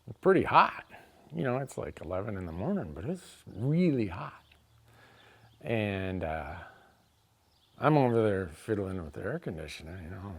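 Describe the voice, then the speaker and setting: A middle-aged man telling a comic story, exasperated, swinging between quiet asides and loud outbursts. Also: on the low side.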